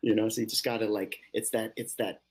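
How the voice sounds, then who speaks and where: A man hosting a casual internet radio talk show, telling relaxed stories and laughing often. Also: lowish voice, fairly quick, husky. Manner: laid-back storytelling with laughs. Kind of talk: casual chat.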